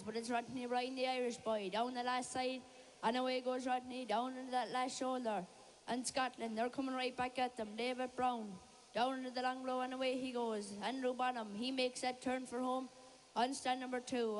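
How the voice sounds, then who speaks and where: High-voiced woman calling shearing. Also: in a large hall, slight background noise, poor audio. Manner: fast, excited play-by-play. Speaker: shearing commentator. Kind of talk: live sports commentary.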